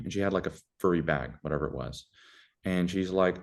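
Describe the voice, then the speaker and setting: A young adult man giving casual conversational advice as a podcast guest, animated and acting out little dialogues in shifting voices. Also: low voice, fast, vocal fry.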